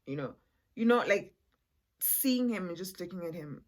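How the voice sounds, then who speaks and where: Speaking at a normal pace in a fairly low, animated voice, a woman tells a story to her vlog viewers in a chatty way, peppering it with fillers and calling them "guys."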